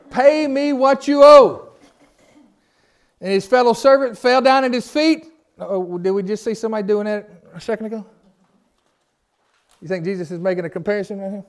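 Man, high voice, Bible study teacher, reads scripture aloud, folksy questions to the group, conversational. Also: fairly quick. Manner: informal, folksy phrasing with repeated starts.

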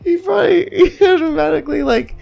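A man hosting a casual podcast, excitable and profane, laughing as he talks. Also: very high-pitched, quick pace, vocal fry, lo-fi sound. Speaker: podcast host.

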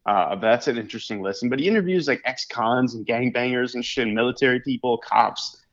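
A man's voice: mid-range voice, a little fast, muffled recording. A man co-hosting a podcast in loose, casual chat, full of fillers and restarts, laughing easily. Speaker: podcast co-host.

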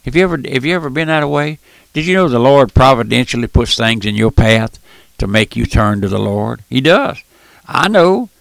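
Older man, radio preacher, gravelly voice, dry close sound, folksy and fervent. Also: medium pitch, lively intonation, moderate pace, no room sound. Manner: impassioned, folksy, calls out "my friend", surges loud then drops soft.

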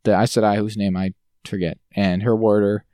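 A man co-hosting a podcast in casual chat, ranting in an exasperated way with sudden jumps in pitch. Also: flat delivery, a little fast, warm tone, clean tone, dry recording, studio quality. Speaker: podcast co-host.

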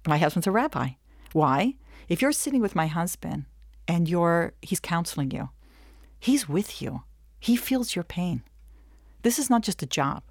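A middle-aged woman teaching a webinar in an animated, chatty way, slipping into quick snatches of dialogue. Her voice sits on the low side for a woman. The recording is close and dry, with no room sound. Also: no room sound. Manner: animated, acts out little dialogues with laughs. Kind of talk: lively talk to an audience.

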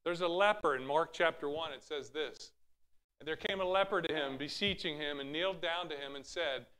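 Animated man preaching a sermon. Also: a little high, a little fast, smooth. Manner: animated preaching, acts out Bible quotes in raised voices. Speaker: pastor.

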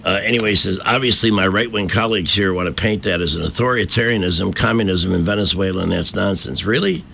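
A man's voice: low voice, fast talker, creaky, a bit bright, a little hiss or hum. A man hosting a talk radio show, delivering combative, mocking opinion commentary from a studio microphone.

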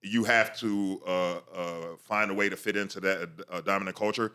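Man with a bright, lowish voice. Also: steady tone, moderate pace. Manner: explanatory, thinks aloud with fillers and restarts. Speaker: podcast co-host. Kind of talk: casual panel discussion.

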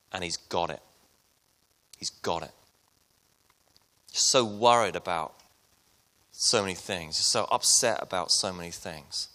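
A man delivering a sermon, telling a story to his congregation before turning quiet and personal. His voice sits low, but it has a bright, forceful edge. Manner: storytelling preacher, soft and intimate at the close. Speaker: pastor.

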